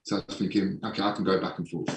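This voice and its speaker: A man with a low voice tells his story in a casual podcast interview, frank and sometimes swearing, slowing down to stress points. His voice sits somewhat back from the microphone in an echoey room. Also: level tone, distant mic, background noise. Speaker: podcast guest, holistic performance coach.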